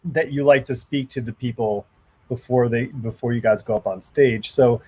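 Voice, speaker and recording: A man hosting a podcast, asking casual questions in a halting way with many restarts. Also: mid-range voice, fairly even intonation, mellow, slightly rough. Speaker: podcast host.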